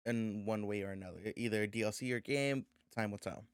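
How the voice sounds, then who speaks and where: A man's voice: lowish voice, fairly quick, clear, resonant tone, dry recording, studio quality. A young man co-hosting a podcast in casual chat, rambling and restarting his words with plenty of fillers. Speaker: podcast co-host.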